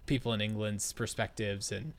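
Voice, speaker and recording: A man's voice: on the low side, steady tone, moderate pace. A man co-hosting a podcast in casual chat, ranting in an exasperated way and swearing freely. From United States. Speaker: podcast co-host.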